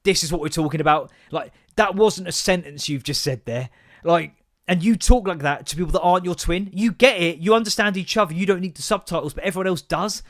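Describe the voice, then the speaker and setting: Fast-talking sweary man. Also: sits high, a bit bright. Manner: sweary, exasperated storytelling. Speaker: podcast host. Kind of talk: casual solo podcast rant.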